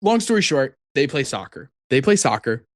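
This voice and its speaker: A man co-hosting a podcast, retelling a film with animated energy and plenty of swearing. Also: mid-range voice, moderate pace, no echo, clean studio sound. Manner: animated storyteller, swears freely. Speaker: podcast co-host. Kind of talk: casual chat.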